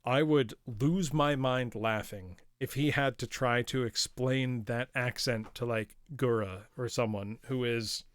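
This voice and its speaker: A man's voice: mid-range voice, measured pace, few pauses, no echo. A man streaming a retro game live, chatting playfully with his viewers and laughing often. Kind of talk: live gaming commentary.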